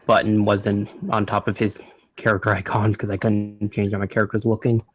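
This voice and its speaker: A man playing in a tabletop game, speaking flatly and matter-of-factly about his character. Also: lowish voice, a little fast, background noise. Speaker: player. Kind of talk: casual game chat.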